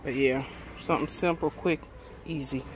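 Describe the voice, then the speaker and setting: A woman with a Southern US accent chatting casually to her viewers in a DIY vlog, folksy and quick to get riled up. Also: low-pitched, steady tone. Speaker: DIY vlogger.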